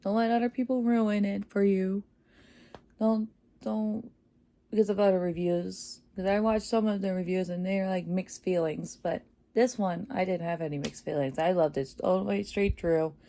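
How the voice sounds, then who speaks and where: A woman giving a casual, excited movie review, chatty and full of fillers, laughing often. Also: medium pitch, normal speed. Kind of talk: casual spoiler review vlog.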